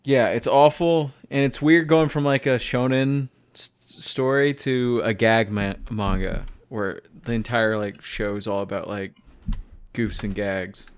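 A man's voice: mid-range voice, fairly even intonation, a little slow, few pauses, smooth. A man cohosting a podcast, rambling casually and filling his speech with "like". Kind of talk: casual chat.

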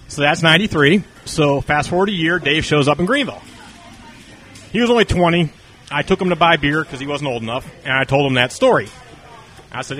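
A fairly high-pitched man from North Carolina, appearing as an interview guest, tells long stories in casual conversation. He talks a little fast but leaves long pauses, and he animatedly acts out the dialogue of the people in his tales. Soft music plays in the background.

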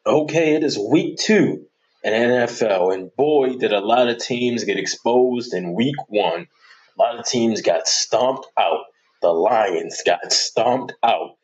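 A man's voice: medium pitch, takes it slowly, highs cut off. A man hosting his own sports podcast, chatting casually and animatedly as he jokes through his predictions and picks.

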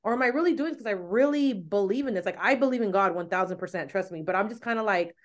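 A woman's voice: medium pitch, quick pace. A woman podcast host, raised in the United States with Spanish as her first language, talking in a chatty way full of likes and you-knows. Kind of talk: casual chat.

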